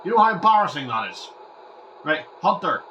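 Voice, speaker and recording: A man commentating his own retro football game, ranting and shouting at the players when things go wrong. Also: on the high side, sing-song, a little fast, highs cut off, slight background noise. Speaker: gaming channel host.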